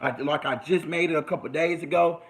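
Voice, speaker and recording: A man's voice: a little high, a little fast, gravelly, rough recording. A man talking casually to his viewers, rambling and repeating himself as he promotes his social media pages. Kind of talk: casual talk to camera.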